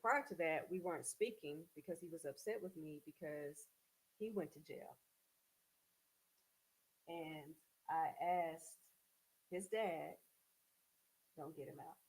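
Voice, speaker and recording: Gravelly-voiced older woman telling her story. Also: sits low, takes it slowly, long pauses, poor audio. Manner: earnest, recounting events step by step. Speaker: guest. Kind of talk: emotional personal storytelling.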